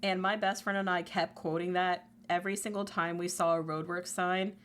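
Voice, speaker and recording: A woman's voice: flat delivery, moderate pace, slight background noise. A woman livestreamer in casual chat, talkative, laughing often and swearing freely. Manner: chatty, swears, laughs often, quotes memes in a squeaky voice.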